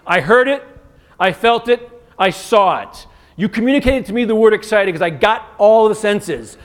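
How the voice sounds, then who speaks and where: A man giving an interactive keynote as a communication coach, energetic and firing quick commands at the audience. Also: high voice. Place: conference stage in a large hotel venue.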